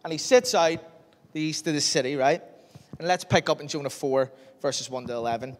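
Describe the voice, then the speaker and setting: A man preaching a sermon, telling a Bible story in a lively way and acting out its scenes. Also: fairly high pitch, brisk. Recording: long reverb of a large hall.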